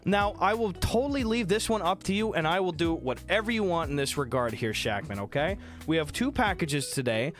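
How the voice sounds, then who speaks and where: A man's voice: a little high, animated, fairly quick, few pauses, faint music behind. A man chatting casually on a live stream while sick, reading chat, thanking viewers by name and swearing freely.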